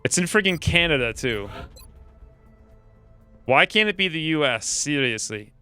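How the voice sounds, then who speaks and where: A man's voice: a little high, very animated, measured pace, bright, forceful tone, smooth, dry recording, faint music behind. A man giving casual gameplay commentary, joking, self-mocking and thinking aloud about his choices. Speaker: gaming streamer.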